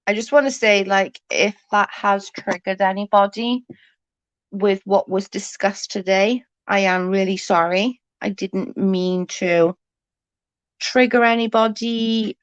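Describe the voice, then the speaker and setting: A woman's voice: mid-range voice, steady tone, slow pace, clean tone, no room sound, lo-fi sound. A woman chatting to viewers on a casual late-night livestream from her bed, rambling and swearing freely.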